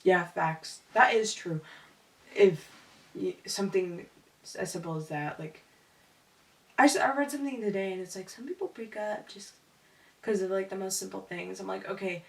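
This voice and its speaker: A woman's voice: medium pitch, normal speed, gravelly, pauses often. A young woman co-hosting a podcast in casual chat, candid and slangy, laughing often. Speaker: podcast co-host. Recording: echoey room, far from mic.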